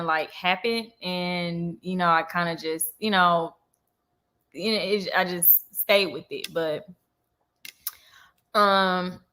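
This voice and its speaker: A young woman telling a story in a casual, chatty vlog and acting out the people she quotes. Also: mid-range voice. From Georgia, US. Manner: chatty, animated, acts out quoted voices. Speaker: vlogger.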